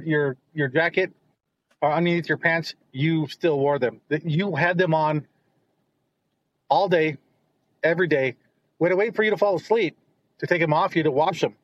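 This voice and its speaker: A man's voice: on the high side, no echo, dull audio. A middle-aged man, the host's father, telling family stories in a casual, rambling way, often repeating words as he goes. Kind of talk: casual storytelling.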